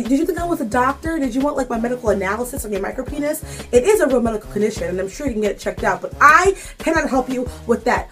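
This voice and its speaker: A woman's voice: on the high side, fast talker, soft background music. Sassy young woman telling a story. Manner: sassy, animated storytelling with mock outrage. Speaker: vlogger. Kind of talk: casual story time.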